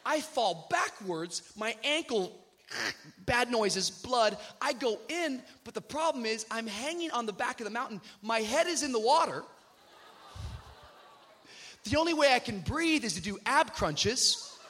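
High-voiced man preaching with comic flair. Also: unhurried, slightly rough. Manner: animated storyteller, acts out shouted quotes. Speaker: pastor. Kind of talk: sermon with comic storytelling.

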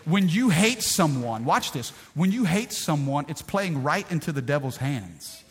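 A middle-aged pastor preaching a live sermon, telling stories in a folksy, animated way with rhetorical questions. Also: male voice, fairly high pitch, husky. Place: church sanctuary. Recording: reverberant hall, faint music.

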